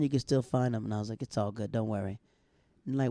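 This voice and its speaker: Animated man telling a story, dark voice. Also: on the low side, quick pace, no room sound, clean studio sound. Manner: animated storyteller, acts out other people's lines; laughs often while talking. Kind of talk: casual chat.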